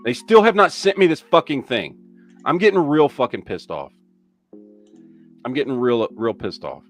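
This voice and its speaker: Ranting, profane podcast host, lively voice. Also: male voice, medium pitch, moderate pace, faint music behind. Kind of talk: casual live-stream chat.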